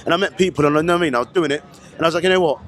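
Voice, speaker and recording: A man's voice: on the high side, a bit bright. A man from Brooklyn who speaks in a put-on London accent, interviewing people at an outdoor city festival with slangy, chummy banter. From Brooklyn, New York. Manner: slangy, fast, chummy, peppered with bruv and innit. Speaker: street interviewer. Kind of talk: casual street interview.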